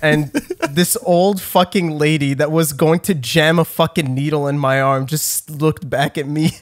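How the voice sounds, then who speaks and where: A man's voice: fairly high pitch, steady tone, measured pace, no room sound, studio quality. A young man telling a rambling, laugh-filled story on a casual comedy podcast, swearing and restarting often. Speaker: podcast co-host.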